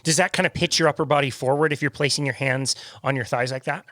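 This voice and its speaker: A man's voice: mid-range voice, steady tone, fast, sharp tone, no room sound, studio quality. A man hosting a podcast interview, asking friendly, curious questions in a casual way. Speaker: podcast host.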